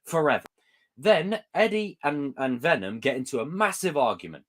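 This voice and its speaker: Animated, rambling man chatting on stream. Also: fairly high pitch, moderate pace. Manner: rambling and animated, acting out movie lines in exaggerated voices. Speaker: live stream host. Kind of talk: casual live stream chat about movies.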